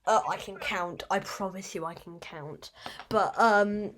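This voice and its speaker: A woman's voice: medium pitch, measured pace, fairly bright tone. A woman hosting a casual podcast, rambling and fumbling over her words with self-deprecating asides. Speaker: podcast host.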